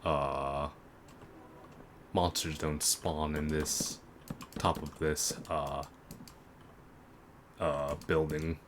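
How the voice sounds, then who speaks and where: A man's voice: extremely low pitch, flat delivery, very slow, long pauses, noisy background. A man giving casual, rambling commentary while playing a video game, with lots of fillers and restarts. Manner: rambling, full of fillers and self-corrections. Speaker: gaming video creator. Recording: game music playing underneath.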